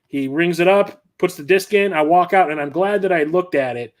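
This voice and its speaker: A man's voice: high voice, moderate pace. Middle-aged man rambling on a livestream. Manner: rambling, conversational storytelling with frequent restarts. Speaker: host. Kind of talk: casual livestream chat.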